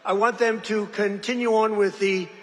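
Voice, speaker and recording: A man's voice: high voice, fairly even intonation, moderate pace. A man giving an off-the-cuff rally speech, rambling and digressive, with jokey asides to the crowd and repeated phrases. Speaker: political speaker at a rally. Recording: long hall reverb, faint background noise.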